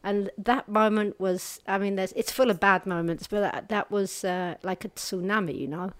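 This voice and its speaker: A woman with a medium-pitched voice tells a personal testimony, earnest and halting. She moves between brisk stretches and slow, hushed passages. The sound is dry and close, with no room around it. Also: steady tone, dry recording. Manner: halting and earnest, with restarts and hushed pauses at hard moments; vivid storyteller, shifting between brisk and slow, quiet passages. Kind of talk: personal testimony told to an audience.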